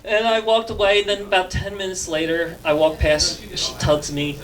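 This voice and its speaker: A man's voice: high-pitched, flat delivery, normal speed, a crowd in the background. A man doing stand-up comedy and hosting, with lots of fillers, laughing at his own jokes. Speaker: stand-up comedian and show host.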